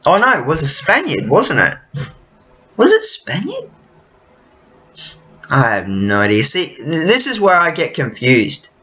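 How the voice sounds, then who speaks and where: A man's voice: on the high side, wildly swooping pitch, a little slow, long pauses, pushed and bright. A man rambling casually to camera, often losing his thread and swearing freely. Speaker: vlogger. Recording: dull lo-fi recording.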